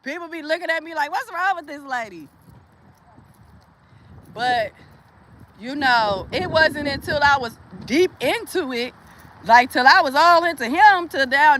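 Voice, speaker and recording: A woman's voice: high voice, a bit bright, a little hiss or hum. A woman vlogger venting in a casual, profane monologue, laughing often, with speech.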